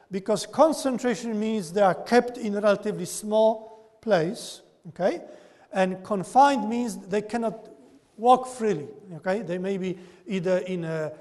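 A man giving a classroom lecture, often checking in with his listeners with a quick "okay?". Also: high voice, a little mellow, in a large hall. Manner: keeps tagging "okay?" onto points.

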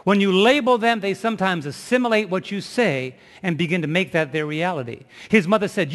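Man, preacher, high voice, emphatic storytelling sermon, long hall reverb. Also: a little fast, few pauses, fairly bright tone. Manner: emphatic, storytelling, addresses audience with questions.

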